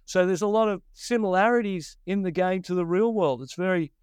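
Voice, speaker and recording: A man's voice: high-pitched, fairly quick, darkish tone, clean tone, no room sound. A man in his fifties with an Australian accent, a surf commentator telling stories in a casual interview and acting out his own past thoughts.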